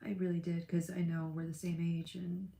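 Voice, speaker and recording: A woman's voice: on the low side, monotone, normal speed, creaky, dark tone, reverberant. A young woman chatting with viewers on a live tarot stream, gushing and emotional, calling people by name. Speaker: livestream tarot reader.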